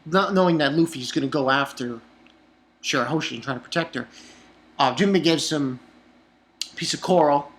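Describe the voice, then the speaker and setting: A man's voice: on the high side, a little fast, pauses often. Rambling, foul-mouthed young man recapping. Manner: profane, rambling with many restarts and fillers. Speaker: anime episode reviewer. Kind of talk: casual rambling episode recap.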